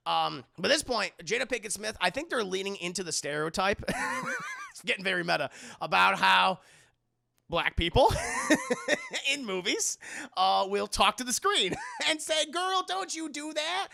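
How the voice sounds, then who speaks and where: A young man talks his live chat through a film, scene by scene, crude and animated and never short of a curse. His voice sits high, with a gravelly edge and a bright, forceful bite. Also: moderate pace. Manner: animated, crude, swears, acts out lines in put-on voices. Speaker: streamer reviewing a film.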